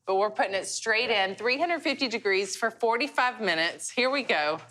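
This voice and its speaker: A woman's voice: a little high, animated, normal speed, sharp tone. A woman with a West Virginian accent presenting her recipe in casual, folksy cooking-show chat.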